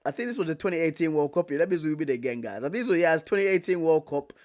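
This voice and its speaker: Slangy young man, higher voice. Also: very fast. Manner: slangy, excitable, repeats himself with bro and fam. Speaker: streamer. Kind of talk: casual live commentary reacting to chat.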